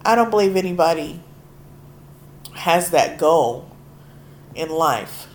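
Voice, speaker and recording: A hoarse woman preaching a sermon, speaking earnestly and casually and reading scripture aloud with emphasis. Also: sits low, lively intonation, takes it slowly, darkish tone, a little hiss or hum. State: hoarse from allergies.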